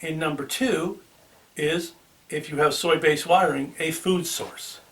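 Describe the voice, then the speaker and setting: A man's voice: a little high, steady tone, slow, a bit bright, distant mic. A man with a Boston accent hosting a car channel, talking casually to the camera with ums and restarts. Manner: chatty, with filler ums and restarts.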